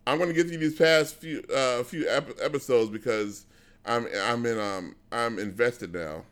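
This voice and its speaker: Speaking at a medium pitch with a fairly bright tone, a man chats casually and unhurriedly to his viewers on a live stream. His talk rambles, stays blunt, and keeps restarting.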